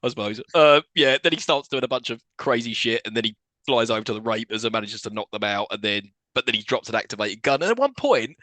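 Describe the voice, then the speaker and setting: A man's voice: medium pitch, lively intonation, fast, hardly any pauses, sharp tone, no room sound. A man co-hosting a podcast, recapping a film in casual chat and laughing often. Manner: laughs often while recapping scenes, swearing. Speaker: podcast co-host.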